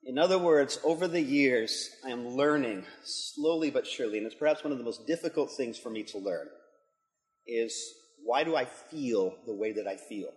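A man's voice: medium pitch, moderate pace. A middle-aged man, a pastor and school leader, giving an earnest devotional talk that builds to emphatic intensity. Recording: long hall reverb.

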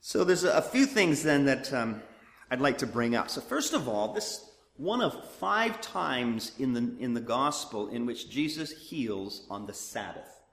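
Animated man teaching in an echoey hall. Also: medium pitch, a little slow. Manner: animated, conversational, with frequent restarts. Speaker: Bible teacher. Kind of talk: sermon-style Bible teaching.

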